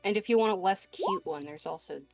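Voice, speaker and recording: A woman playing a tabletop game, speaking in a quick, offhand way. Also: mid-range voice, a little mellow, soft background music. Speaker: player. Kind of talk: casual chat during a tabletop game.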